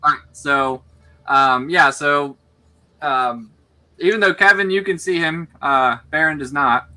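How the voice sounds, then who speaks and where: A man running a tabletop game as game master, talking in halting bursts full of fillers and restarts. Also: on the high side, pushed and bright.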